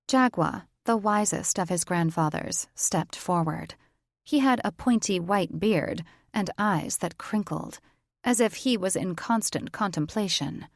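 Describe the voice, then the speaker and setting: A woman narrating a fantasy audiobook in an even, deliberate, scripted style on a close mic. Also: on the low side, gravelly, no room sound.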